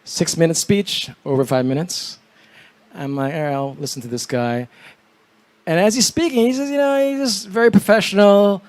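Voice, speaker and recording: A man from New York, an event emcee introducing the next speaker on stage with animated storytelling. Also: high-pitched, clear, resonant tone. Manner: animated storytelling, mimics phone calls.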